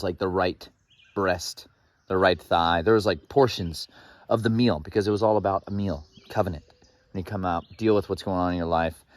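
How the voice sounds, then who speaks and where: A young man casually retelling Bible stories outdoors in a farmyard, rambling and opinionated, drifting into digressions. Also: low voice. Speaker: Bible teacher. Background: chickens clucking.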